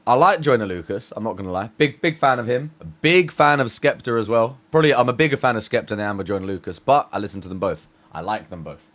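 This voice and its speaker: A man's voice: fairly low pitch, fast talker, a bit bright. Rambling man reacting. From United Kingdom. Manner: rambling, hesitant, with many restarts. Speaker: reaction channel host. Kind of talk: casual reaction commentary.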